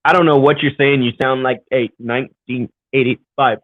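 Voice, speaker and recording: A man co-hosting a live show in a loose, rambling way, mid-pitched and easygoing. The audio is thin and phone-like, with a dry, close sound and no room around it. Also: fairly even intonation, moderate pace, dry recording. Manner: loose, rambling, upbeat sign-offs. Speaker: talk show co-host. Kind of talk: casual live show chat. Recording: tinny phone-like call audio.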